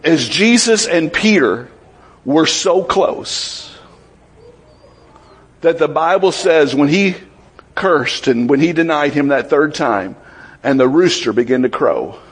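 Man, preacher, conversational sermon, slightly high voice, husky. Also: lively intonation, takes it slowly, pauses often. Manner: conversational, asks the congregation questions, acts out Bible voices.

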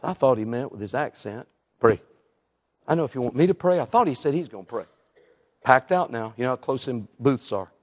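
A male evangelist, telling an animated story in a sermon and acting out the people in it. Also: mid-range voice, quick pace. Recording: long reverb in a large hall.

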